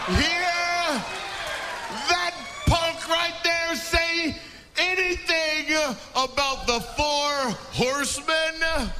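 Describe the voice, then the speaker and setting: Man impersonating a swaggering veteran wrestler, very high and very slow drawl, noisy broadcast clip. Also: fairly even intonation, crowd noise, heavily acted. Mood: boastful. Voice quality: drawling, bellowing. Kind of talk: wrestling promo.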